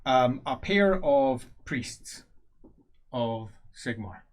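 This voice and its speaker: A man's voice: medium pitch, lively intonation, drawn-out words. A man narrating as game master for a tabletop role-playing game, describing scenes with fillers.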